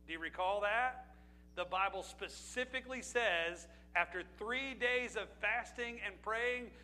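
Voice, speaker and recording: A man's voice: high voice, sharp tone, low-quality recording. A man from Pennsylvania preaching a sermon as pastor, in a conversational way with rhetorical questions and asides to the congregation.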